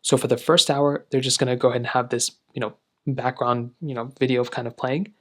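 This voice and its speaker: A man narrating a casual tech review in a relaxed, rambling way, with lots of filler phrases. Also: medium pitch, brisk.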